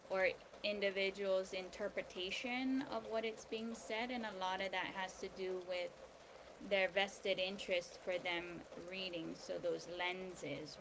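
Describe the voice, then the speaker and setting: A woman talks slowly and loosely, circling her points with pauses and fillers. Her voice sits at a middling pitch. Steady rain and birdsong are plainly audible behind her. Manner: rambling, hesitant with many ums. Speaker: host of a daily video series. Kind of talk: casual spiritual and legal talk. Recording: outdoor ambience with rain noise.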